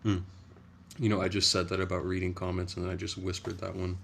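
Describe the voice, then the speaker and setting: A young man chats casually on a livestream, rambling along in a soft, low-key way. His voice sits very low with a gravelly fry, and a faint hiss of noise runs underneath. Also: completely flat delivery, fast talker. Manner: soft-spoken, rambling, chatty. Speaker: livestream host.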